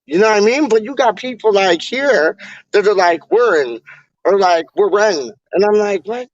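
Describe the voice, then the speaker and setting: A man's voice: high-pitched, normal speed, no room sound, far from the mic, highs cut off. A man, chatting casually in a laid-back, stammering, slangy way. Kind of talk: casual chat. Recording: off-mic, dry sound.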